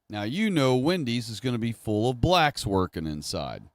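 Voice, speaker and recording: This streamer's mid-range voice is sing-song and moves at normal speed, recorded dry. In a casual livestream monologue, he rambles conversationally to his audience and corrects himself as he goes.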